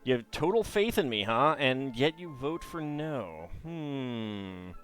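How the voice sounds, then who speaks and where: A man's voice: a little high, very animated, measured pace, a bit bright, soft background music. A man streaming live, thinking aloud in hesitant, rambling commentary.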